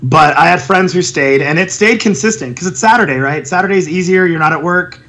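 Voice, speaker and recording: A man's voice: high-pitched, a little fast, fairly bright tone. A man co-hosting a podcast, chatting casually and animatedly, laughing often and slipping into silly voices. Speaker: podcast co-host. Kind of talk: casual chat.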